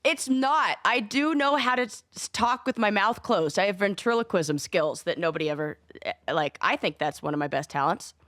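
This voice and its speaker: Brief: playful woman co-host, lively swinging pitch, dry close mic. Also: moderate pace, hardly any pauses, no room sound. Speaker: podcast co-host. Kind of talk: casual chat.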